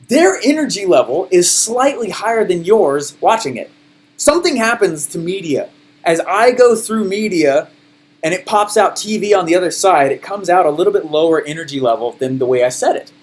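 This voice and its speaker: A man coaching a group on sales, emphatic and high in energy.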